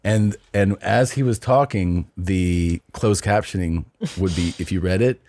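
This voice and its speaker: A very deep-voiced man co-hosting a comedy podcast, telling long rambling stories in an unhurried, loose way. He swears casually. The close studio mic sounds dry with no room around it. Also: a little mellow, no room sound. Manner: laid-back, rambling storyteller, swears freely. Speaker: podcast co-host.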